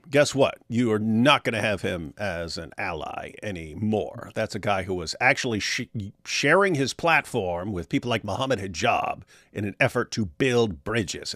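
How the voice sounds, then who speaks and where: A man's voice: on the low side, fairly bright tone, no room sound, studio quality. A male show host chatting casually on a livestream, jokey and rambling. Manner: jokey and rambling, breaks into silly voices.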